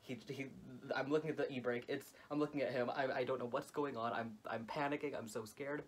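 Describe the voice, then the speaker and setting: A man's voice: mid-range voice, fairly quick. Young man telling a dramatic story. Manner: dramatic, expressive retelling full of "like". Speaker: vlogger. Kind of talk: storytime vlog.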